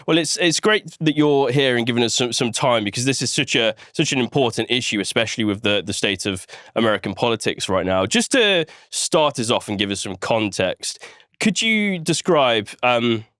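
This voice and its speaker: A man's voice: mid-range voice, animated, normal speed, a bit bright, dry recording, studio quality. A man hosting a politics podcast, bantering playfully with his co-host.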